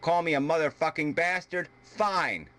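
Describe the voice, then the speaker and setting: A man's voice: a little high, normal speed, a bit bright. A man from the United States arguing heatedly in a video debate, combative and full of profanity. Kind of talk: heated argument.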